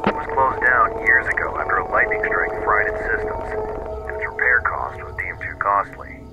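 A man's voice: on the low side, animated, moderate pace, over loud music. A man playing a practical male park ranger, talking in a matter-of-fact, by-the-book way over a radio transmission. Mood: brisk. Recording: loud noisy radio line.

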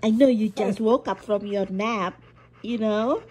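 A woman's voice: mid-range voice, a little slow, a little mellow, breathy edge. A woman chatting playfully with her dog, coaxing it and laughing often. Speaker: dog owner. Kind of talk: casual chat with her dog.

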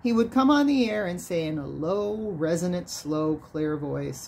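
A woman with a mellow, slightly low voice reads a nonfiction book aloud. Her delivery is measured, and she lifts her voice to stress key words. A faint hiss sits underneath. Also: expressive, gravelly. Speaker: reader of a book on sound healing.

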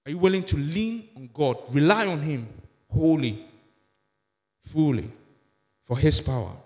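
A pastor preaching a sermon in a church, emphatic with many rhetorical questions. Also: male voice, a little high, animated, measured pace, a little mellow. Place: church sanctuary. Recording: echoey church hall.

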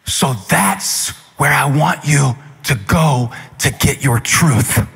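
A pastor preaching a sermon with fervor, building to shouted, repeated refrains in a large church auditorium. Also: male voice, mid-range voice, slow pace, creaky, hardly any pauses, slightly rough. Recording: long hall reverb.

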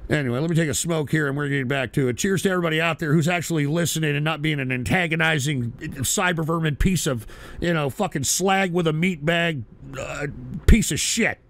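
Gravelly, crude ranting radio host man. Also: fairly high pitch, a little fast, a bit bright. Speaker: call-in radio show host. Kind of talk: profane ranting call-in radio.

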